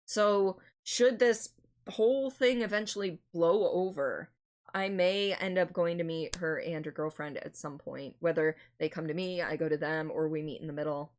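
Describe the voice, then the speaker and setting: A woman's voice: fairly low pitch, normal speed. A young adult woman from Michigan, streaming a game and chatting casually with her viewers, laughing often. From Michigan, United States. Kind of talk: casual gameplay stream chat.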